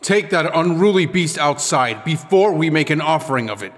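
A man's voice: fairly high pitch, expressive, moderate pace, pitched above the performer's own voice, lightly acted. A man voicing a harsh, stern male fish-man guard captain who growls his orders. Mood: outraged. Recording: long reverb with background music.

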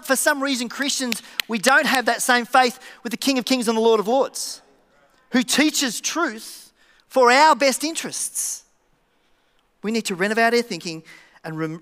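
A male pastor preaching a sermon in a church, animated and joking, dropping to a hush for effect. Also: very high voice. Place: church auditorium. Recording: church hall reverb.

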